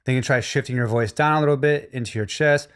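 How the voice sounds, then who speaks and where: A man's voice: mid-range voice, quick pace, fairly bright tone, smooth. Male vocal instructor, mid-range voice, encouraging course narration. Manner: encouraging, demonstrates hums and sung lines.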